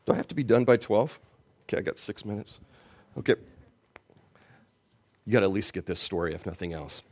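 A man preaching a sermon, telling a personal story and swinging between loud lines and hushed ones. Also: lowish voice. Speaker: pastor.

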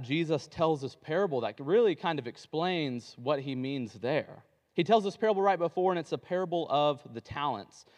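A man preaching a sermon in a casual, conversational way, acting out the characters of a parable in quick dialogue. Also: a little high, big-room sound.

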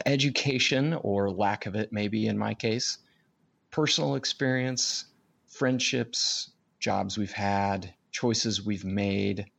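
A man's voice: on the low side, vocal fry, a bit bright, slightly rough, highs cut off. A man with a Midwestern American accent, co-hosting a casual podcast chat, laughing often and thinking aloud. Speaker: podcast co-host. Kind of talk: casual conversation.

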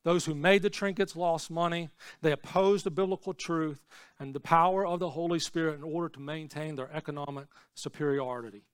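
A man preaching a sermon as pastor, swinging between low, quiet asides and shouted, repeated lines. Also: fairly quick, clean tone, no room sound, studio quality.

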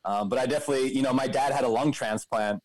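A man co-hosting a podcast in relaxed casual chat, often hedging with "I mean.". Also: medium pitch, quick pace, no echo. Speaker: podcast co-host.

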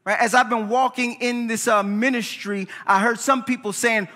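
A man preaching a sermon in a church, animated, often checking in with "right?". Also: very high-pitched, normal speed, big-room sound. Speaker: pastor. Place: church sanctuary.

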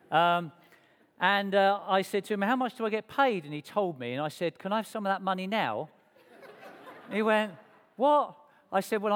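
A man telling his life story to a church congregation in a lively, self-mocking way, acting out the dialogue. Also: fairly high pitch. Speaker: speaker sharing his testimony to a church congregation. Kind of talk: personal storytelling. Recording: long reverb of a church hall.

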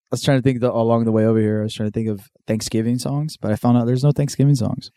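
A man's voice: mid-range voice, steady tone, very fast, warm tone, smooth, no echo, clean studio sound. A man co-hosting a podcast, rambling in casual chat and restarting his sentences often. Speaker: podcast co-host.

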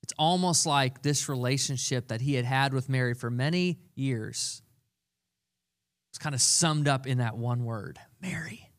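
A man's voice: mid-range voice, moderate pace. A young adult man preaching a sermon, earnest and conversational, repeating key phrases for emphasis. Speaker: pastor.

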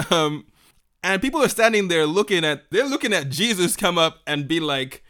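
A man retelling a Bible story in a lively, animated way, laughing often and acting out the voices of the people in it. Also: high voice, normal speed.

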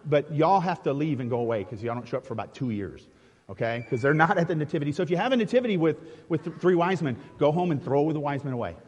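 A male pastor leads his congregation through a Christmas nativity, chatty, joking and quick to laugh as he assigns parts. His voice sits a little on the high side for a man. The sound carries a long reverb from a big church hall. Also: expressive, a little mellow, husky, muffled recording. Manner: playful and chatty, laughing often, with many restarts. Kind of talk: interactive Christmas sermon, directing a live nativity skit. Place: church sanctuary.

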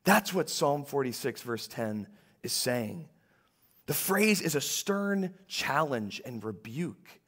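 A man preaching a sermon in a church, talking conversationally and moving between hushed lines and emphatic ones. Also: mid-range voice, very animated, slow pace, breathy edge. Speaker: pastor.

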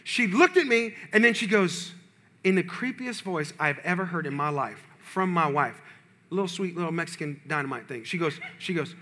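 A male pastor preaching a sermon, telling a personal story with animated, humorous delivery to his congregation. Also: fairly high pitch, moderate pace.

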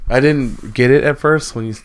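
A young man co-hosts a podcast late at night, his voice sitting in a medium range. He laughs often and jumps in with short, quick quips. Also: medium pitch. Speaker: podcast co-host. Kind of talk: casual late-night chat.

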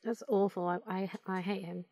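A woman hosting a podcast, asking gentle, sympathetic questions in casual chat. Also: medium pitch, steady tone, moderate pace, dry recording. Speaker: podcast host.

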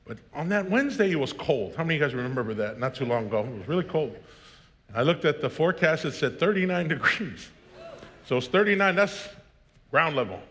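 A man in his thirties preaching from the pulpit, his voice sitting a little high for a man. He moves from joking family stories into emphatic, rising preaching. A long church reverb trails each phrase. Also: expressive, fairly quick, fairly bright tone. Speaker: pastor. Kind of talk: sermon. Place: church sanctuary.

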